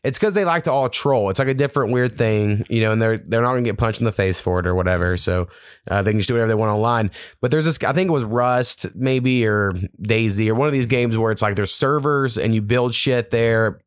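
A man's voice: mid-range voice, fairly quick, clear, resonant tone, dry recording, clean studio sound. A man hosting a podcast, telling long casual stories full of swearing. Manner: profane, rambling storyteller. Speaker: podcast host. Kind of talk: casual chat.

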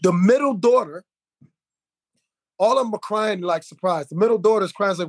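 A man hosting a podcast, telling a story in a lively way, acting out quotes with plenty of fillers and restarts. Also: high voice, moderate pace, no room sound. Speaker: podcast host. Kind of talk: casual podcast conversation.

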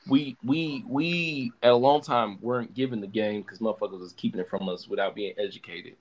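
A young man hosting a podcast in casual chat, talking in an animated, profane, emphatic way with many restarts. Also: lowish voice, a little fast. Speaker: podcast host.

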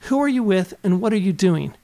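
A man's voice: high-pitched, lively intonation, a little fast, gravelly, mellow. A man who is an accountant hosting a podcast, talking in an earnest coaching way and firing off rhetorical questions. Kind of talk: motivational podcast talk.

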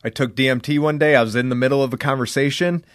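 A man's voice: mid-range voice, steady tone, fast talker, no echo. A young man telling a rambling story on a podcast, stringing thoughts together with filler and swearing. His voice sits in a middle range and comes across close and dry, with little sense of the room around it. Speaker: podcast host. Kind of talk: casual podcast chat.

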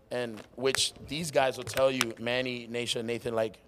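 A man's voice: mid-range voice, moderate pace, few pauses, slight background noise. A man hosting a casual live podcast in a warehouse-style venue after a worship show, rambling and laughing, with his voice nearly gone. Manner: excitable, laughs a lot, rambling. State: losing his voice. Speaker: podcast host and worship musician. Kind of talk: casual chat.

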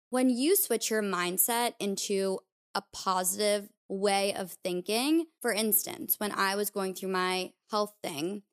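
A woman hosts a personal podcast and reflects candidly on her own experiences. Her voice is smooth and clear, pitched in the middle range. She talks casually and openly, with a loose, confessional flow. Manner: candid, confessional, uses filler "like". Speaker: podcast host.

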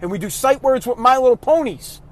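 A man's voice: very high-pitched, animated, fairly quick. A father ranting bluntly about raising kids, swearing heavily and raising his voice as he talks. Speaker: father giving opinions. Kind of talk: profane ranting monologue.

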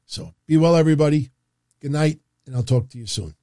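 A man's voice: on the high side, a little fast, dark tone, no room sound, clean studio sound. A man hosting a podcast, talking straight to his listeners in an upbeat, chatty way as he wraps up the show. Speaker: podcast host. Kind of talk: casual show sign-off.

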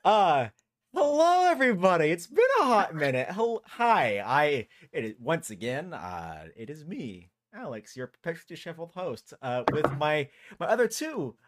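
A man hosting a casual talk show, halting and self-deprecating, laughing often. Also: a little high, huge pitch swings. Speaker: host. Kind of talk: casual chat.

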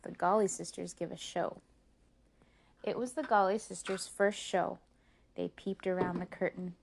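A woman reading a children's chapter book aloud to her boys, gentle and expressive. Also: lowish voice, unhurried, creaky. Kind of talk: storybook read-aloud.

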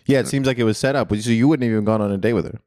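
A man co-hosting a casual podcast, tossing out wisecracks and deadpan jabs. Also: lowish voice, racing, no echo, studio quality. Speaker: podcast co-host.

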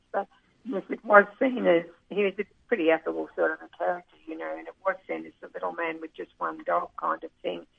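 A woman's voice: lowish voice, creaky, breathy edge, dry recording. A woman, a racing club manager interviewed by phone, talking fondly with many hesitations and restarts. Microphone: telephone. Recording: tinny phone line.

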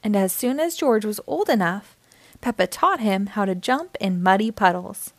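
A woman reading a picture book aloud for young children, with slow, gentle and clearly paced narration. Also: medium pitch, animated, no room sound.

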